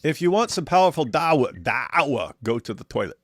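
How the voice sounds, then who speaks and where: Sardonic man with a lively voice. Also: a little high, a little fast, breathy edge, dry recording, studio quality. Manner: sardonic, mock voices for quoted viewers. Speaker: co-host reading viewer chat. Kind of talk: casual livestream chat.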